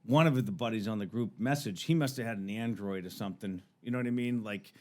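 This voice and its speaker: A man's voice: on the low side, quick pace, a little mellow. A man in his thirties, a podcast guest, telling a story in casual chat, swearing freely and acting out both sides of phone calls.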